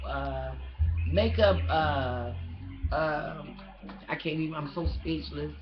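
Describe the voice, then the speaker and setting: A woman's voice: deep voice, highs cut off. A woman vlogger in casual chat, emotional and gushing, often stumbling over her words with fillers.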